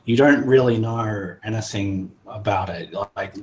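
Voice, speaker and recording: A man narrating as game master in a tabletop game, pausing often with fillers. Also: on the low side, low-quality recording. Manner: hesitant, many pauses and fillers.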